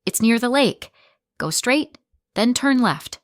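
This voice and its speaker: Kindly male teacher colleague, plain and even, slow delivery, dry sound, read by a woman. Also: a little high, no room sound, pitched above the performer's own voice. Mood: friendly.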